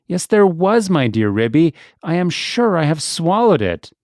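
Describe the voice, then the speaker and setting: A man's voice: fairly high pitch, big pitch swings, unhurried, darkish tone, dry recording, studio quality, voice pushed up. A man voicing an anxious, fussy female dog guest who whimpers and frets. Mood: fretful.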